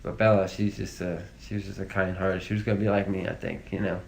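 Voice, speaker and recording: A low-pitched, creaky male voice talks quickly and flatly, with a little hiss or hum behind it. He is the victim's brother, an interview guest casually and emotionally rambling about family memories, restarting often and using many fillers.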